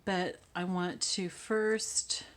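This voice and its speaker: Woman, craft tutorial host, lowish voice, casual, thinks aloud, drifts into mutters. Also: fairly even intonation, extremely slow. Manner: chatty, thinks aloud while working, drops to mutters.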